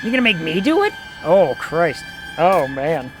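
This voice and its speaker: A man's voice: fairly high pitch, very animated, a little slow, music in the background. A man streaming a game, making sarcastic, joking comments to his viewers as he plays. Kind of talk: live gameplay commentary.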